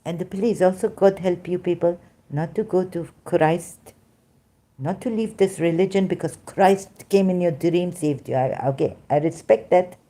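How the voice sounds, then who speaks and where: Slow, mellow woman with an accent. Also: lowish voice. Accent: non-native English accent. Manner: emphatic, rambling, addresses listeners directly. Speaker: vlogger. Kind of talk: unscripted monologue to viewers.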